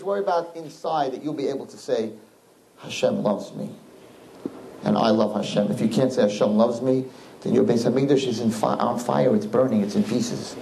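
A man preaching as a rabbi, fervent, swinging from soaring high cries to low hushed pleading. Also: a little hiss or hum, rough recording. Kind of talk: impassioned sermon.

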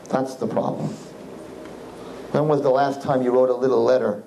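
A man preaching as a rabbi, fervent, swinging from soaring high cries to low hushed pleading. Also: slight background noise, rough recording. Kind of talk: impassioned sermon.

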